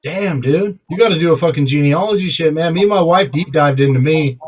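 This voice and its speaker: A young man, a podcast co-host, chatting casually and swearing freely, telling stories with lots of energy. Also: brisk. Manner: profane, animated storyteller who jumps high in pitch when quoting himself. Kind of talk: casual chat. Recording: tinny phone-like sound.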